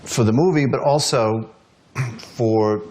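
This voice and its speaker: A man's voice: mid-range voice, slow, a little mellow. A man interviewing a guest, asking questions hesitantly with many restarts.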